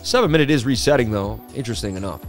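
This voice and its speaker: A man's voice: medium pitch, lively intonation, very fast. Male livestream host, casual and chatty, mid-range voice, faint background music. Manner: chatty, reads viewer comments aloud. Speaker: crypto market livestream host.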